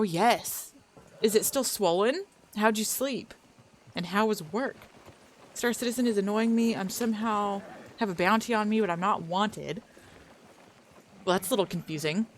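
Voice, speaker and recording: A woman streamer chatting casually with viewers while she plays, rambling and laughing often. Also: medium pitch.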